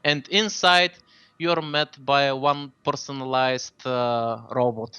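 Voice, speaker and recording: A man's voice: medium pitch, steady tone, slow pace, sharp tone, clear, resonant tone, dry recording, highs cut off. A man running a tabletop game as game master, casual and swearing, with lots of fillers.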